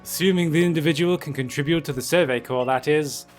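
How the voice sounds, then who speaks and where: A man's voice: fairly high pitch, fast, faint music behind, close to an everyday voice. A man voicing a cold, formal female captain in a game. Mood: stern.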